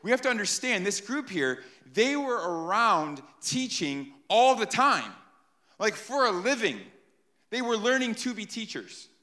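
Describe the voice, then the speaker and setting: A man's voice: sits high, very animated, unhurried, sharp tone. A man preaching a sermon in a conversational way, often checking in with the listeners by asking "right?". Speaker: pastor.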